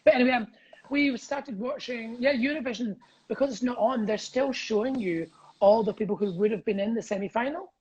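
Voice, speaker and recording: A Scottish comedian chatting from home over a video call, tumbling from one tangent to the next. His stories run on animated and loose, with laughs breaking in along the way. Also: very high voice, brisk, dull audio, slight background noise. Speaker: comedian guest. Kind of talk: casual video-call chat.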